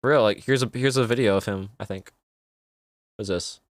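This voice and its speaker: A man's voice: on the low side, a little fast, no echo, clean studio sound. A young man streaming live, chatting loosely with lots of "like" while reacting to clips. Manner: casual, rambling, filler-heavy.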